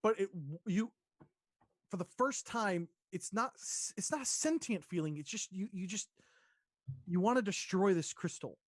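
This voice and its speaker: A man narrating as dungeon master in a tabletop game, describing scenes haltingly with many fillers. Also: high-pitched, animated, no room sound, clean studio sound.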